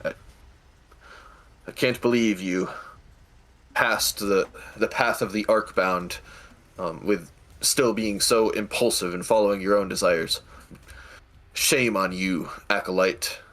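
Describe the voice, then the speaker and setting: A man voicing a stern male satyr official who scolds slowly and deliberately. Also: fairly low pitch, steady tone, fairly bright tone. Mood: scolding. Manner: slow, scolding, measured.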